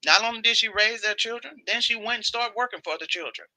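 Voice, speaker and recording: Bright, chatty woman hosting a devotional. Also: on the high side, quick pace, dry recording, poor audio. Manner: chatty, repeats phrases for emphasis. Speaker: devotional livestream host. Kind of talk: casual devotional talk.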